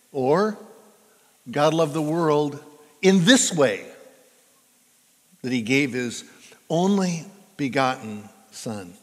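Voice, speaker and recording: Older man, pastor, sermon, slow delivery, halting with repeats, emphatic stresses, long church reverb. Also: on the high side, lively intonation. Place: church sanctuary.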